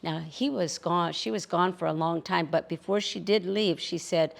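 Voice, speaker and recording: A woman storyteller telling a folk tale in a measured, rhythmic way, building with repetition. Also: lowish voice, gravelly.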